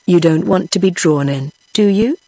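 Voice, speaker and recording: A computer-generated woman's voice reads the part of an angry, bitter middle-aged laborer in an audiobook, sounding flat and mechanical yet natural. She speaks at a moderate pace with a fairly low pitch, and the recording is dry.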